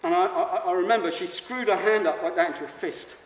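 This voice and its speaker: A man performing a rambling theatrical monologue on stage, swinging from manic to hushed. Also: high voice, fast talker. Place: stage in a large hall. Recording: echoey hall recording from far off.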